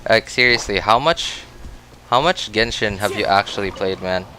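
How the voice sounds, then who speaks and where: A man's voice: fairly low pitch, normal speed, pushed and bright, slight background noise. A Filipino man with an American accent, streaming gameplay and chatting with his viewers. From Philippines. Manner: chatty, reacts aloud and answers chat. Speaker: game streamer. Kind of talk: gameplay livestream commentary.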